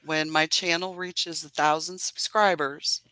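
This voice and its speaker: A woman's voice: sits low, steady tone, a little slow, bright, forceful tone, no echo, low-quality recording. A woman beekeeper talking earnestly and chattily on a video call, laughing often as she tells her story. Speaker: beekeeper guest. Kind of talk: casual video-call interview.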